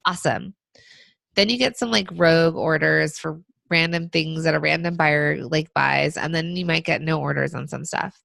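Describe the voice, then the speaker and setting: A woman co-hosting a business podcast, giving casual advice with lots of fillers, her voice still rough from being sick. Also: low voice, normal speed, fairly bright tone, no room sound. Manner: conversational, frequent fillers. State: recovering from illness. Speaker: podcast co-host.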